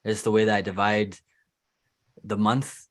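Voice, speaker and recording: A man who teaches English, hosting a relaxed interview with a former student and often answering with short backchannels. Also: fairly low pitch, measured pace. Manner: relaxed, chatty, many "mm-hmm" backchannels. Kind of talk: casual interview chat.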